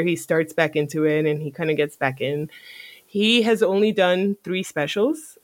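Podcast host, casual chat, animated storytelling, profane, mid pitch, dry recording. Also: no echo.

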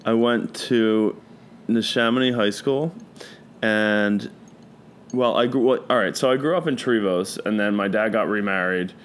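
A man from the Philadelphia area with a Philadelphia accent, a DJ being interviewed, talking in a flat deadpan way. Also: a little slow, clean tone. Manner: deadpan, low-key delivery. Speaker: guest, DJ. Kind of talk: casual conversational interview.

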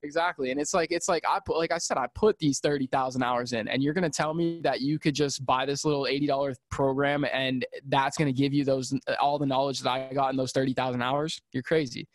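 A man's voice: mid-range voice, fairly even intonation, a little fast, few pauses, no room sound, clean studio sound. A man talking as a podcast guest about audio engineering, in casual chat that rambles with many fillers and restarts and turns emphatic.

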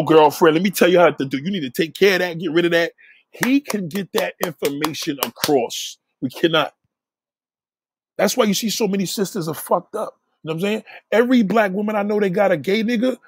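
A man's voice: high voice, slightly rough, no echo. A man talking in a blunt, profane casual rant, often repeating himself.

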